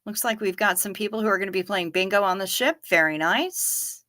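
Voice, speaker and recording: Woman livestream host, chatty and bright, answers viewer comments as they come in. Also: mid-range voice, fairly quick. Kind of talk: casual chat reading viewer comments.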